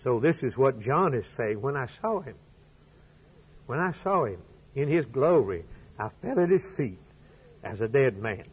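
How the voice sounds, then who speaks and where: A man preaching a sermon, swinging between loud declarations and hushed quoted lines. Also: mid-range voice, very animated, a little slow, pauses often, breathy edge, rough recording.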